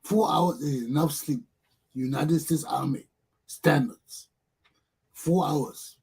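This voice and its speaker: A man hosting a political talk show, speaking forcefully with lots of repetition. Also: fairly high pitch, takes it slowly, gravelly, husky.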